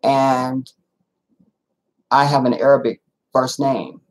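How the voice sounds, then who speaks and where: A man's voice: mid-range voice, takes it slowly. A man hosting a casual livestream, reading chat comments aloud and talking back bluntly with plenty of profanity. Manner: blunt, profane, animated storytelling. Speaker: livestream host.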